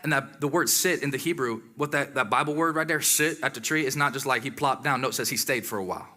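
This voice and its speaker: A man preaching a sermon in a lively, conversational way, with exclamations and asides to the congregation. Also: mid-range voice, fast.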